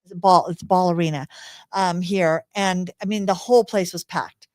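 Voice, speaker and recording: A woman's voice: on the low side, steady tone, moderate pace, a little mellow, no echo. A woman co-hosting a podcast in casual chat, talking in bursts with frequent laughs and restarts. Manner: chatty, laughs often, restarts sentences. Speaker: podcast co-host.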